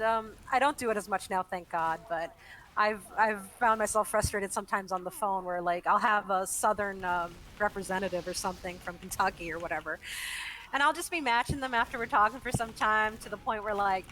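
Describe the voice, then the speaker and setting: Woman, voice actor guest, bright tone, animated casual chat, faint background hiss. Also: mid-range voice, fairly quick, rough recording. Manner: animated, laughs often, talks in long flowing explanations. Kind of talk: casual interview chat while gaming.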